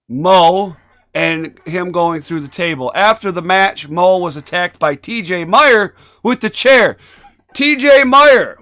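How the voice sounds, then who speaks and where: A man with a bright, slightly high voice co-hosts a casual wrestling chat. He rambles through match recaps with lots of fillers. His voice sounds dry and close. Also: no room sound. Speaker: podcast co-host.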